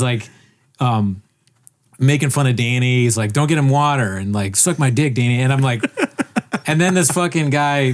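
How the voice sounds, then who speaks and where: A man telling a rambling story in casual podcast chat, swearing and acting out what people said. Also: medium pitch. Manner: rambling, animated, swears, acts out quotes.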